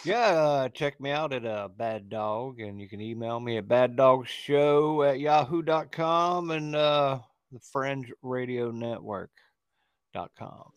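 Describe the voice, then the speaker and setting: A man's voice: mid-range voice, takes it slowly, clear, resonant tone, dry recording. A man guesting on a casual podcast, easygoing and laughing along. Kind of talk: casual chat.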